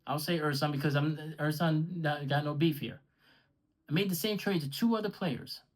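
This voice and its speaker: A man's voice: a little high, moderate pace, rough recording. Man ranting angrily at a rival. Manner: heated, profane, sarcastic, addressing a rival directly. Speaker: podcaster and vlogger. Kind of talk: angry direct-to-camera rant.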